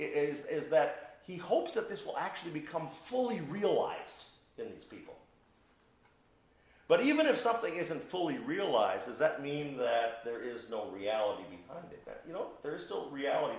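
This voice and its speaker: A man's voice: mid-range voice, reverberant, rough recording. A man preaching a sermon, teaching verse by verse with emphatic, playful asides and questions to the congregation. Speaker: pastor.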